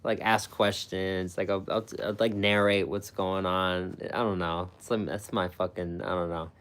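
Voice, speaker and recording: A man's voice: low-pitched, flat delivery, moderate pace, a bit bright, clear, resonant tone. A man hosting a food channel, chatting casually with viewers in a rambling, profane way, with frequent laughs and fillers. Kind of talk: casual live-stream chat with viewers.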